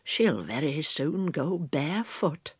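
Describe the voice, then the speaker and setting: A small bustling hedgehog washerwoman chatters politely and eagerly, as a woman reading a storybook puts her on. The voice swoops lively up and down at an unhurried pace, a little breathy and close, in a dry room. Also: sits low, dry recording, exaggerated voice. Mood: chatty, busy. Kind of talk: storybook read-aloud.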